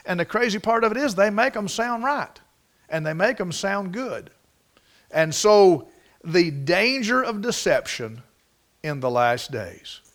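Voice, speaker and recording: Man, pastor preaching, high pitched, bright tone, emphatic, restarts often. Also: big pitch swings, measured pace. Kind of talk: sermon.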